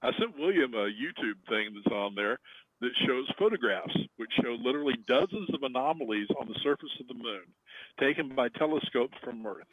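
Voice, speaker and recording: A man's voice: mid-range voice, animated, fairly quick, dry recording, phone-quality sound. A man who is a guest on a talk radio show, explaining his point with confidence in a matter-of-fact way. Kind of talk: casual talk radio chat.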